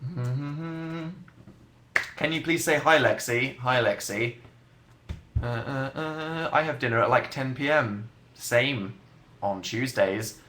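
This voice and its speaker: A man's voice: mid-range voice, slow pace, pushed and bright, reverberant, slight background noise. A young man hosting a casual livestream, chatting in a dry, self-mocking way as he answers viewer comments. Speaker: livestream host.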